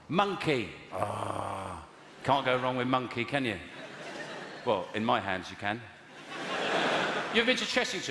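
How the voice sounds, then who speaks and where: A man doing improvised stand-up comedy from audience suggestions, mixing deadpan asides with sudden loud bursts. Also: medium pitch. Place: large theatre with audience. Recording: echoey live hall, loud noise.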